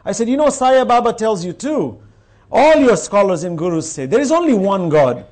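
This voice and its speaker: A man giving a religious lecture, telling stories with lively acted-out dialogue and reciting scripture in Arabic. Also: high-pitched, moderate pace. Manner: animated storytelling, acts out quoted exchanges. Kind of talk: sermon.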